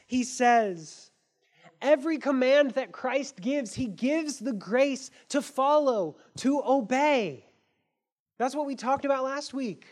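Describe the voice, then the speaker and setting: A woman's voice: high-pitched, slow pace. A woman pastor giving a sermon in an earnest, conversational way, with casual fillers.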